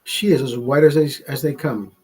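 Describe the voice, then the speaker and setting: A man's voice: medium pitch, moderate pace, a little mellow, husky, rough recording. A man hosting a livestream, telling a story in a heated, profane rant. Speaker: livestream host. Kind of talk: ranting storytime monologue.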